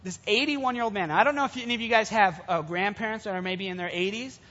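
A man preaching to young people, retelling a Bible story in a casual, animated way. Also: high-pitched, fast. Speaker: youth preacher. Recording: dull sound with long hall reverb.

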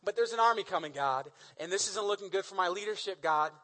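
Preacher doing a whiny moses guy, complaining nonstop, high and bright. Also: lively intonation, fast talker. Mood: pleading. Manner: whiny, pleading, casual slang. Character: exasperated complaining male leader Moses.

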